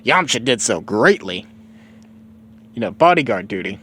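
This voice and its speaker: A man's voice: fairly low pitch, sing-song, normal speed, fairly bright tone, slightly rough. A man casually retelling a story, rambling and profane, with lots of fillers.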